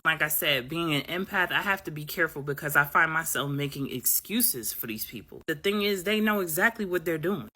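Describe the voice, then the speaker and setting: Woman, low-pitched but bright and sharp, sassy and blunt, motivational talk to camera. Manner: blunt, sassy, acts out dialogue in high voices. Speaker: commentator.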